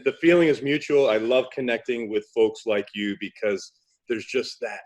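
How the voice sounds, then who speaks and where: A man's voice: mid-range voice, moderate pace. Enthusiastic New York man in his fifties. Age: 50s. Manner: enthusiastic, announcer-like intros. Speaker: podcast host. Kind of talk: casual podcast interview.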